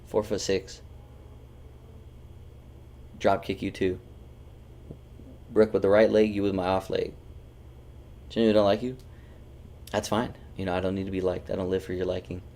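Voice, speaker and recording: A man's voice: low voice, little pitch movement, normal speed, creaky, long pauses, warm tone. A man streaming a game, chatting casually and teasing his friends with loose, swearing banter. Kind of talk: casual gaming stream chat.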